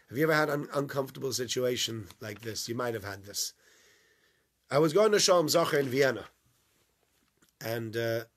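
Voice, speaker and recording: A man giving a weekly Torah lesson as an animated storyteller who acts out dialogue. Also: mid-range voice, slightly rough. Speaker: Torah teacher.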